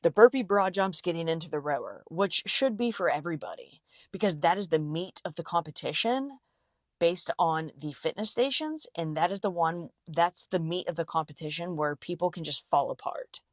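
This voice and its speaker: A woman's voice: fairly low pitch, lively intonation, normal speed, no echo, clean studio sound. A woman hosting a casual solo podcast, talking chattily with lots of fillers and restarts. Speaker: podcast host, physical therapist.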